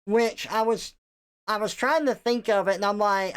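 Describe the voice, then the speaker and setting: A woman with a Southern US accent chatting casually on a live stream, her pronunciation slightly mumbled and soft. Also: mid-range voice, unhurried, clean tone.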